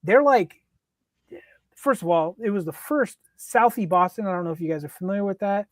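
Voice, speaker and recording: A man's voice: high-pitched, brisk, dry recording. A man in his thirties co-hosting a casual sports podcast, telling stories and acting out quotes. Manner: animated storyteller, acts out quotes. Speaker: podcast co-host.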